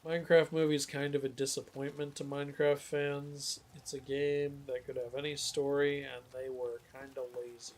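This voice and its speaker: A man's voice: medium pitch, little pitch movement, normal speed, hardly any pauses. A man streaming a game and chatting casually, joking, laughing often and tripping over his words. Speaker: streamer host. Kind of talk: casual chat while gaming.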